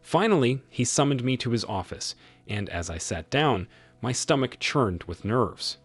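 A man reading a scripted first-person story in a plain, even way. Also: medium pitch, measured pace, breathy edge, dry recording, faint music behind. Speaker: narrator.

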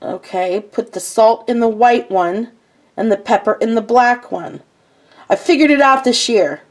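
A woman's voice: mid-range voice, expressive, measured pace, creaky. An older woman chatting casually through a home tour of her kitchen, rambling and self-mocking.

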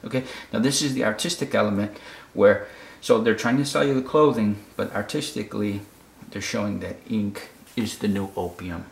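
A man's voice: lowish voice, normal speed, gravelly, hardly any pauses. A man from the United States explaining a fashion photo casually, often repeating words and checking in with "okay?". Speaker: photography critic. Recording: roomy echo.

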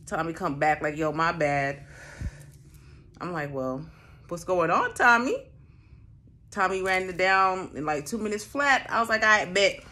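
Young woman telling a crazy story, kinda low voice, cussing a lot, doing everybody's lines. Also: moderate pace. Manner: animated, profane, acts out the people in her story. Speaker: storyteller host. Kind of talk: casual chat.

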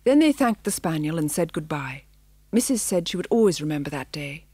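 Low, husky woman narrating a storybook. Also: very animated, a little fast, dark tone, no echo. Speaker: audiobook narrator. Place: recording studio.

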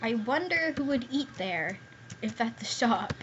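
A young woman giving excitable gameplay commentary as a gaming YouTuber, squealing and pleading when scared. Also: a little high, unhurried. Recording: dull lo-fi home recording with faint hiss.

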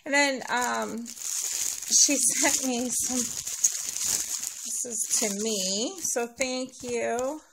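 A woman vlogger unboxing a package, sweet and gushing and thankful, sounding sleepy and a little hoarse. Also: fairly high pitch, fairly even intonation, very slow, long pauses, background noise. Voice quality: gravelly vocal fry. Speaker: nail vlogger opening a giveaway package. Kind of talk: casual unboxing chat.

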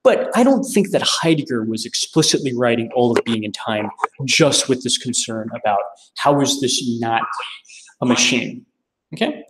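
Young American male lecturer, relaxed and unscripted, talks through ideas with fillers and restarts. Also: medium pitch, moderate pace, background noise. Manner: thinking aloud with many restarts. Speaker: philosophy lecturer. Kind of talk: informal lecture to camera.

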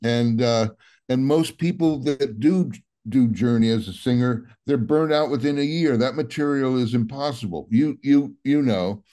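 A man in his seventies talks as an interview guest, with a warm, mellow tone. His pitch sits mid-range for a man. He rambles and circles back with easy filler words and the occasional soft laugh. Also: normal speed. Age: 70s. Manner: rambling, relaxed, full of "you know" and soft laughs. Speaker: guest musician. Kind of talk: casual interview chat.

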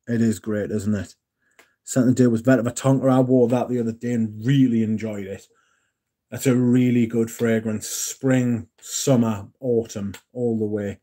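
A man hosting a casual livestream, reading and answering chat in a relaxed, yawning way. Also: medium pitch, husky. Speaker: livestream host.

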